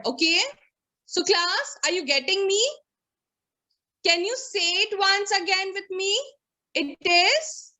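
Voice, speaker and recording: A woman with an Indian English accent leads an online pronunciation class, her voice very high and bright. She takes her time, saying each word slowly and repeating it, then checks that the class has understood. Heard through a video call. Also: poor audio.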